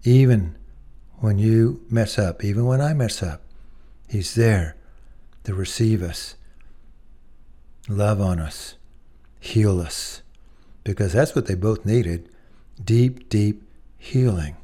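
A man's voice: fairly low pitch, takes it slowly, long pauses, warm tone. A man preaching a sermon, earnest and emphatic, speaking directly to his listeners as friends.

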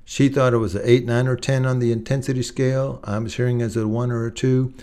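A man's voice: medium pitch, level tone, brisk, mellow. A middle-aged male pastor preaching a sermon in a conversational way, telling a personal story and listing words one by one.

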